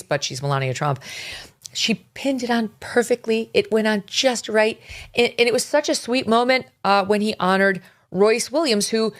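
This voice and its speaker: A woman's voice: a little high, animated, moderate pace. A woman commentating on the news in a conversational way, recounting events as she goes.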